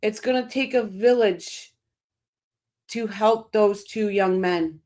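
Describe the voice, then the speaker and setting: A woman hosts a casual livestream, calling out viewers by name as she answers their comments. She talks at a slow, deliberate pace, stressing her words and repeating phrases as she drives each point home. Her pitch sits in the middle range for a woman. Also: darkish tone. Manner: emphatic and impassioned, repeats phrases, apologizes for getting heated. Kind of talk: casual live-stream commentary.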